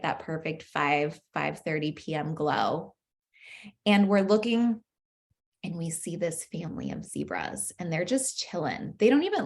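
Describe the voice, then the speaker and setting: A young adult woman coaching a masterclass in a chatty, playful way, laughing often and saying "like" a lot. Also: on the low side. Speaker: manifestation coach. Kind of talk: casual masterclass teaching.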